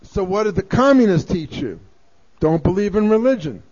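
A man's voice: high voice, big pitch swings, moderate pace, warm tone. A man giving a political talk with a storytelling style, speeding up as he runs through lists, from a recording played on air. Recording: dull lo-fi recording played on radio.

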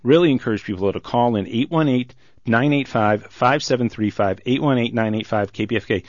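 A male radio host running a pledge drive, slowly repeating the station's call-in number. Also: mid-range voice, dry recording. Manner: slow, repeats the phone number. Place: radio studio. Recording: dull lo-fi radio broadcast, dry.

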